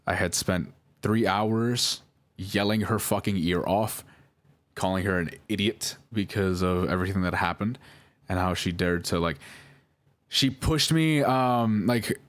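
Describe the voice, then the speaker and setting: A young man with a very low voice talks his way through a nervous, rambling monologue. He keeps circling back, stumbling over restarts and fillers, and apologizing again and again. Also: a little slow. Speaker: video creator reading out chats.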